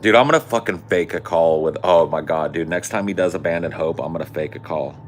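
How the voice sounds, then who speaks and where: A man's voice: sits low, fairly quick, soft background music. A man co-hosting a podcast in casual chat, crude and joking with frequent swearing. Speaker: podcast co-host.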